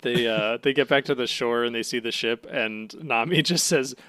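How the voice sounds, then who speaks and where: A man's voice: medium pitch, normal speed, background noise. A young man co-hosting a podcast, chatting casually with lots of fillers and frequent laughter. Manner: laughs often, loose and rambling with many fillers. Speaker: podcast co-host. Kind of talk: casual chat recapping an anime.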